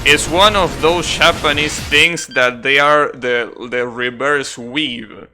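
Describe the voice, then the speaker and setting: Young male streamer, casual chat, unhurried delivery, keeps correcting himself, loud music behind. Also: mid-range voice. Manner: rambling, self-correcting, swears casually, laughs at own jokes.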